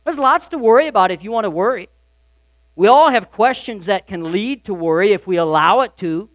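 High-voiced preacher man, dry and close. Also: animated, brisk, no room sound. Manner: emphatic preaching, swinging between loud and soft. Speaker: pastor. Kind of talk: sermon.

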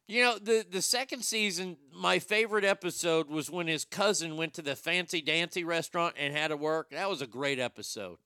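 A man's voice: a little high, brisk, few pauses, bright, forceful tone, clean tone, no room sound, studio quality. A man in casual, rambling commentary, sarcastic and profane as he thinks aloud.

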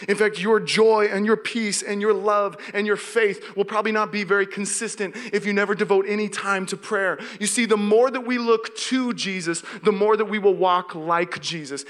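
A man's voice: high-pitched, a bit bright. A young man from the Seattle area preaching a sermon as pastor, telling a story vividly and acting out his own panic. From Seattle area, USA. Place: church hall. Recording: long reverb of a church hall.

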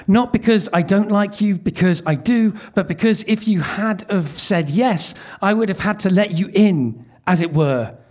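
A man's voice: high-pitched, normal speed, hardly any pauses, a little mellow. A man doing stand-up, reading aloud his old teenage love letter with wry, self-mocking asides. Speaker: comedian.

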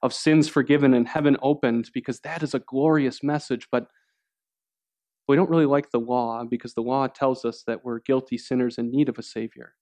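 A man's voice: steady tone, moderate pace, dark tone. Man preaching an earnest sermon. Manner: earnest preaching, acts out quoted voices with rising pitch. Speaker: pastor.

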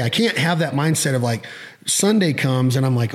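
A middle-aged man hosting a podcast, chatting casually, often acting out his own thoughts in quick quoted bursts and swearing casually. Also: mid-range voice, big pitch swings. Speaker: podcast host.

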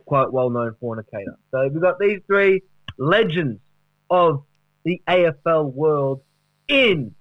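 A man's voice: medium pitch, no echo, dull audio. A man hosting a comedy podcast, rambling and swearing casually. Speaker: podcast host.

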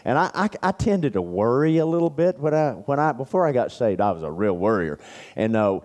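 A man preaches at a men's church camp, spinning homespun stories in a relaxed, anecdotal way. His voice is mellow and warm, sitting at an ordinary middle pitch, and his delivery is loose, with plenty of fillers. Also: brisk. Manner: folksy and anecdotal, with many fillers. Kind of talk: storytelling sermon.

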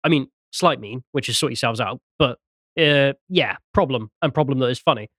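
A man's voice: medium pitch, normal speed, fairly bright tone, dry recording, clean studio sound. A man hosting a casual podcast chat, laughing often and reading posts aloud. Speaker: podcast host.

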